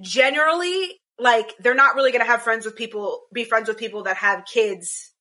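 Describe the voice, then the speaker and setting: Woman, rambling casual chat, bright voice, slightly high. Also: normal speed. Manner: rambling, many restarts and "like". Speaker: podcast co-host. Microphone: video call.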